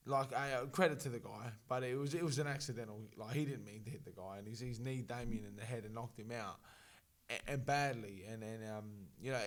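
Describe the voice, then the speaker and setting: An Australian man co-hosting a casual podcast, telling stories with lots of energy and acting out other people's voices. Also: mid-range voice. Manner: animated storyteller, acts out voices of others. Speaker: podcast co-host and fight coach.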